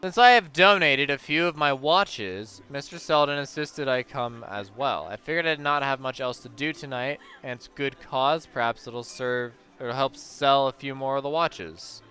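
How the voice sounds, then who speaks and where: A man's voice: mid-range voice, moderate pace, few pauses, bright, forceful tone, soft background music, natural voice. A man voicing a modest watchmaker guest at a gala, speaking mildly and without hurry.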